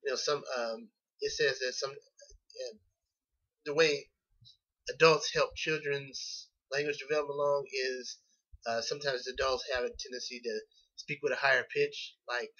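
Man presenting for class, halting with fillers and restarts, bright voice, dull lo-fi sound. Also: medium pitch, steady tone. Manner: hesitant, many fillers and restarts. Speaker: graduate student presenting. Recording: dull lo-fi recording.

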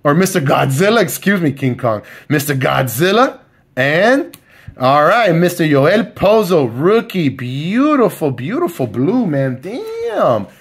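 Excited man ripping card packs. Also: fairly high pitch, unhurried, slightly rough. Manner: excited, talks to viewers by name, lots of fillers. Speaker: card collector opening packs. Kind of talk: casual unboxing commentary.

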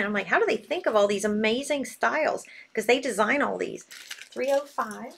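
A bubbly woman hosts a live selling stream and gushes freely. Her voice sits a touch high for a woman, bright with easy enthusiasm. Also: moderate pace, gravelly, slight background noise. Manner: bubbly, gushing. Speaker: live sale host.

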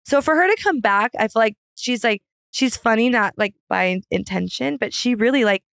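A woman's voice: fairly high pitch, moderate pace, creaky, clear, resonant tone, dry recording, studio quality. A young woman guesting on a podcast, chatty and full of fillers, laughing often in casual chat.

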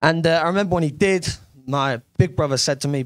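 A man's voice: fairly high pitch, quick pace, dry recording, clean studio sound. A young man doing a brash, sweary stand-up comedy set on a club stage.

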